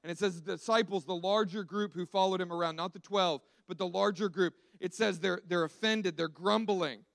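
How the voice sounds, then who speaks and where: A man preaching a sermon in an animated storytelling way, acting out the quotes he tells. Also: sits high, moderate pace, creaky, hardly any pauses, dry recording.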